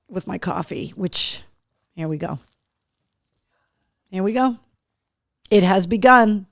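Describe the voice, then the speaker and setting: A woman's voice: mid-range voice, no echo, clean studio sound. A woman hosting a casual live show, chatting to her dogs in a coaxing voice and reading out viewer comments. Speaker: host. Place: home studio room.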